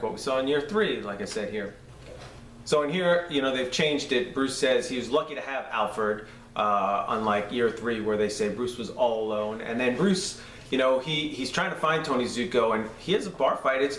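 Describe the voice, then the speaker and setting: A man with a New York accent hosts a podcast, casually reviewing a cartoon episode in an enthusiastic, rambling way with lots of fillers. His mid-range voice is a bit bright but off-mic and distant, with roomy echo and faint noise from the room he shares with a co-host.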